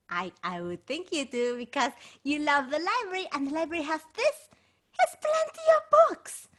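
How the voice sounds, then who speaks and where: Children's entertainer, woman; unhurried, very animated pitch, coaxing the kids along. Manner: playful and encouraging, talking to children. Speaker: children's performer. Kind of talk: bilingual children's show hosting.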